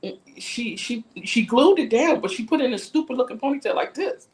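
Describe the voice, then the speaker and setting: Animated, high-voiced woman ranting. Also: fairly quick. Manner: animated ranting, profane, acts out every voice in her story. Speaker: livestream host. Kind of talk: casual storytelling livestream.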